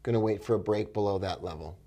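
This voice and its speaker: A man's voice: fairly low pitch, fast talker, warm tone, slight background noise. A man giving live trading commentary, thinking aloud with upbeat exclamations and talking to viewers by name. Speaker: forex trader.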